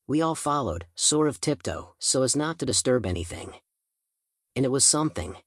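A man's voice: medium pitch, expressive, normal speed, no room sound, studio quality. A man reading a first-person audiobook, telling the story in a casual, chatty teenage manner. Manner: casual teen-style storytelling. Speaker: audiobook narrator.

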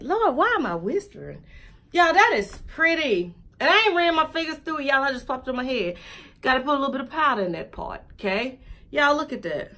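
A woman's voice: high voice, sing-song, moderate pace, sharp tone. A woman chatting casually and joking straight to viewers while reviewing a wig for her vlog.

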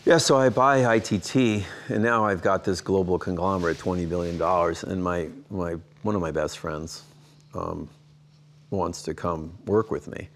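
Deep-voiced older man telling lively stories. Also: normal speed, slight background noise. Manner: animated anecdotes, acting out quoted dialogue with big jumps in pitch. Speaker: interview guest. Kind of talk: storytelling in a sit-down interview.

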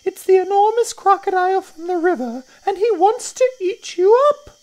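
A man voicing a small excitable male bird in a storybook, calling out in a shrill sing-song. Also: moderate pace. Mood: alarmed.

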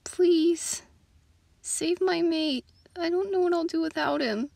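Woman voicing a high, frantic raptor mate. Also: lively intonation, takes it slowly, sharp tone, no room sound, heavily acted. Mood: desperate. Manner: pleading, tearful. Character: lovestruck female raptor, devoted to her mate. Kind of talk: fan dinosaur audio drama.

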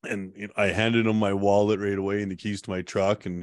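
Low-voiced man telling a wild story. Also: flat delivery, fairly quick, no echo, clean studio sound. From Canada. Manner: rambling, laughs while recounting. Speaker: guest telling his survival story. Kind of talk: casual storytelling interview.

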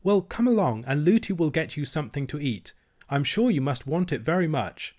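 A man's voice: on the high side, lively intonation, moderate pace, darkish tone, pitched above the performer's own voice. A man reading aloud and voicing a young princess girl who is earnest and insistent, speaking with a raised, eager voice. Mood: pleading.

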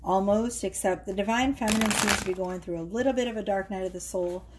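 A woman's voice: medium pitch, fast, background noise. Chatty woman doing a tarot reading. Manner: chatty, many fillers and tag questions. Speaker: tarot reader. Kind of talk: casual tarot reading to camera. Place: home workroom.

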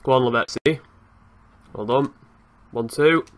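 A young man giving lively, excitable commentary over his own football video game match, swearing now and then and breaking into laughter. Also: mid-range voice, unhurried. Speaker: gaming youtuber. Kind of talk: live gameplay commentary.

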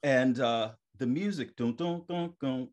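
Animated man telling stage stories. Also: mid-range voice, unhurried, lo-fi sound. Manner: animated, acts out his own inner thoughts. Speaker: podcast guest, stage performer. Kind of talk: casual storytelling interview.

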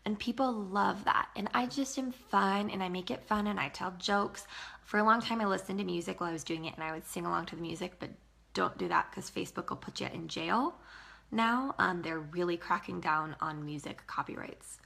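Upbeat chatty woman with a gravelly edge. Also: mid-range voice, fairly quick, bright, forceful tone. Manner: upbeat and chatty, many fillers, greets viewers by name. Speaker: direct sales team leader giving training. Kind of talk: casual live training talk.

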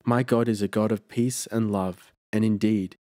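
A calm, earnest Roman traveller in an old folk tale, read by a male narrator. He speaks steadily and sincerely in a lowish voice. The recording is dry and close. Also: moderate pace, dry recording, close to an everyday voice. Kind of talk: audiobook character reading.

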